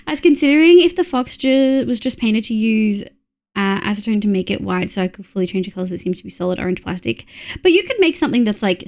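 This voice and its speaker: An Australian woman chatting on a live stream, giggly and talkative as she reads her chat aloud. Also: on the high side.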